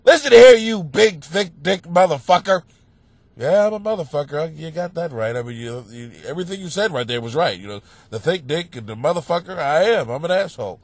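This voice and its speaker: A high, very animated male voice swings all over the place as he rambles through a crude comedy advice podcast. He sounds stuffed up and sniffly, mocks himself and bursts out loudly. The sound is bone-dry and close, with no room around it. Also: fast talker, hardly any pauses, dry recording. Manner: rambling, crude, self-mocking, with sudden loud outbursts. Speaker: podcast host giving advice. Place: home basement.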